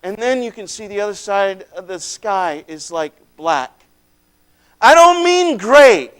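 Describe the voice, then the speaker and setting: A male preacher with a voice that sits very high for a man, clear and resonant. He tells the story as if he lived it, surging into loud, shouted moments and dropping to near-hushed lines. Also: a little slow. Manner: animated, swings from loud outbursts to hushed lines. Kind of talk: dramatic first-person sermon storytelling. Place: church.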